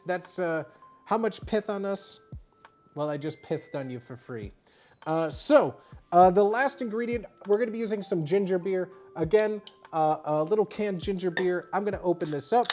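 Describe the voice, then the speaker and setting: A woman's voice: sits low, darkish tone. A tipsy woman streaming live as a bartender, chatty and rambling with many fillers as she shows how to make a cocktail. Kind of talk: casual livestream cocktail demo. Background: faint music.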